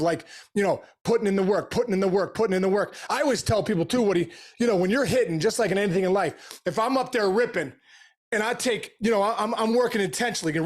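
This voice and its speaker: Fast-talking high-pitched man telling stories. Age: middle-aged. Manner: energetic, animated storytelling with slangy asides. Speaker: podcast guest, former pro baseball player. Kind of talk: casual storytelling interview.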